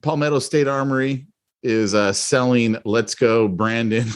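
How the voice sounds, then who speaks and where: A man's voice: mid-range voice, steady tone, a little slow, smooth. A man co-hosting a podcast in casual chat, playful and laughing mid-sentence. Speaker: podcast co-host.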